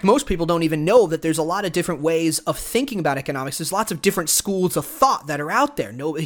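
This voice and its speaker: A podcast host with a rather high, slightly bright voice runs a solo show. He speaks directly to the listener, offering opinionated, argumentative commentary.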